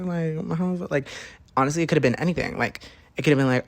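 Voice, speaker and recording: A young adult man hosting a podcast, telling a story in a casual, slangy, animated way, swearing and jumping into high-pitched mimicry. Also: fast, no room sound. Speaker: podcast host.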